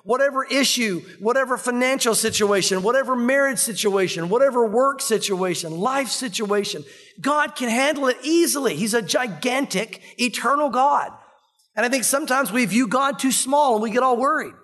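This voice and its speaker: A male pastor delivering a sermon in a high-pitched voice. He preaches in an animated storytelling manner and slips into the voices of the people in his stories. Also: normal speed.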